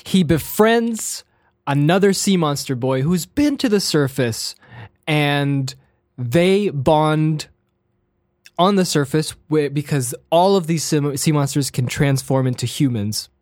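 A man's voice: fairly high pitch, takes it slowly, a little mellow, dry recording. Chatty man with a dry close voice. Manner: playful, laughs often, trails off and restarts. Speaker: podcast co-host. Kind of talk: casual chat.

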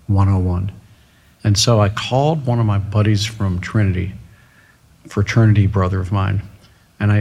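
A middle-aged man, a restaurateur, telling his story as an interview guest, animated and acting out the people he quotes. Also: fairly low pitch, creaky, husky. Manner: animated, quoting others in lively voices. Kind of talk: storytelling in casual conversation.

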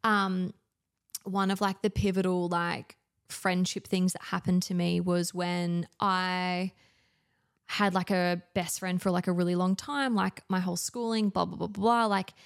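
A woman's voice: lowish voice, little pitch movement, unhurried, creaky, clear, resonant tone. A woman in her thirties with an Australian accent, telling stories as a podcast guest in casual chat, full of fillers. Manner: chatty storytelling, many fillers.

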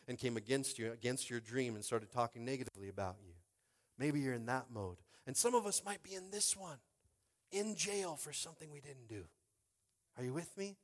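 Male pastor, middle-aged, lively sermon voice, fairly high. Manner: animated preaching, repeated "Are you with me?" call-outs.

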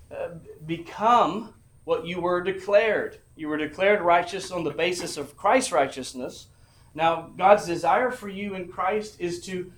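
A man preaching a sermon to his congregation, earnest and emphatic, often restarting his phrases. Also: high-pitched. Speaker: pastor.

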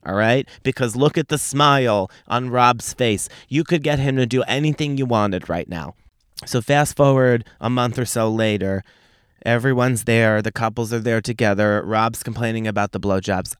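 A man's voice: medium pitch, smooth, no room sound, clean studio sound. A young man hosting a podcast, telling a brash, foul-mouthed comic story with laughter mixed in. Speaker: podcast host. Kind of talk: profane comedic monologue.

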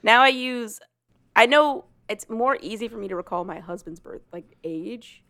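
A woman's voice: a little high, expressive, moderate pace, a bit bright, dry recording, studio quality. A woman in her late twenties co-hosting a podcast, chatting casually and laughing often. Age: late 20s. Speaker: podcast co-host. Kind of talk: casual chat.

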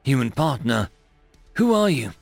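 A man's voice: medium pitch, sing-song, unhurried, vocal fry, no room sound, faint music behind, exaggerated voice. A man voicing a timid, plump alien patrolman who stammers and whimpers, in a storybook reading. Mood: panicked.

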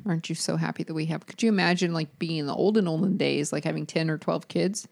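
A woman co-hosting a casual podcast, listening supportively and cutting in with quick jokes and laughs. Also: low voice, fairly even intonation, creaky, a little mellow. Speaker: podcast co-host. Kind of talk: casual chat.

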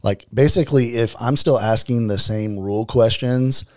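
A man's voice: medium pitch, normal speed, a little mellow, no echo, clean studio sound. A man co-hosting a casual tabletop-gaming chat, explaining his points at length with fillers. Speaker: podcast co-host.

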